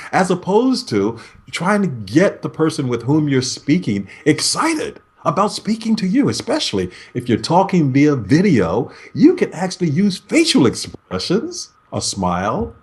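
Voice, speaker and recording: A man talking over a video call as a negotiation expert, his pitch rising and falling a lot as he explains. He speaks in a measured way and acts out little sample greetings. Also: wildly swooping pitch.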